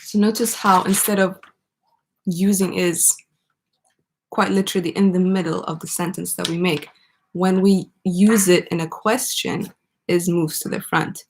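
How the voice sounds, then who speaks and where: A woman teaching an online English grammar lesson, explaining step by step and pausing for student answers. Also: fairly low pitch, steady tone, a little hiss or hum.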